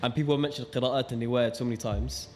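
A man's voice: mid-range voice, fairly even intonation, fast, a little mellow, slight background noise. A man hosting a podcast, politely thanking his guest and asking questions with some hesitation. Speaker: podcast host. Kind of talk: podcast interview.

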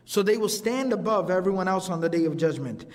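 A man giving a lively, conversational sermon in a mosque, mixing in recited Arabic quotations. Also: high-pitched, brisk, big-room sound. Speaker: imam.

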